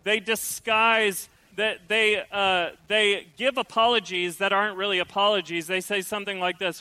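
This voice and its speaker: Animated preacher man. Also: high voice, moderate pace, few pauses, clear, resonant tone, rough recording. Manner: animated preaching, acts out quoted voices. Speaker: pastor. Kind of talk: sermon.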